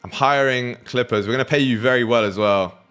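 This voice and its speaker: Over soft background music, a young British trading streamer chats casually with his viewers, cracking jokes, swearing freely and laughing often. His medium-pitched voice is smooth and a bit bright, and he speaks fairly quickly.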